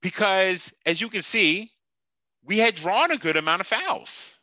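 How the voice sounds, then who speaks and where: A man's voice: sits high, very animated, measured pace, pushed and bright, no room sound. A man hosting a sports podcast, ranting with profanity and sarcasm and laughing at his own jokes. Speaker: podcast host. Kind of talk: heated sports podcast rant.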